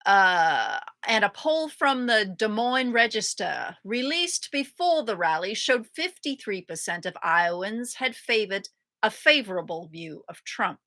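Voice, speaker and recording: Bright, deadpan woman co-host. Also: medium pitch, measured pace, no room sound, clean studio sound. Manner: deadpan quips. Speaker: podcast co-host. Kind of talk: news reading and comedic banter.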